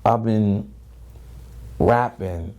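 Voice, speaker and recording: A man's voice: on the low side, drawn-out words, a little mellow, dull audio. A man, telling stories in an interview in a loose, profane way and acting out both sides of each exchange. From Queens, New York. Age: 30s. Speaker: rapper and interview guest. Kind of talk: casual storytelling interview.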